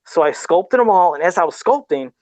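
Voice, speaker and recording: A man's voice: high voice, expressive, fairly quick, darkish tone, no room sound. A middle-aged man in casual podcast chat, laid-back and self-deprecating, often laughing at himself while talking about toy customs.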